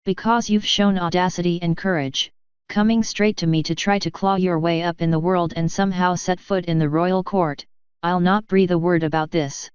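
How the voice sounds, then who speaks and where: A woman voicing a calm, contemptuous male courtier who speaks in a cutting tone. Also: lowish voice, normal speed, clear, resonant tone, no echo, highs cut off, close to an everyday voice. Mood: cold.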